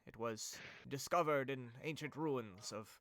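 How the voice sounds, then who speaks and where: Man playing a frail, gracious old tower mage, formal and courtly, a touch higher than his own voice. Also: measured pace, fairly bright tone, a little hiss or hum, natural voice.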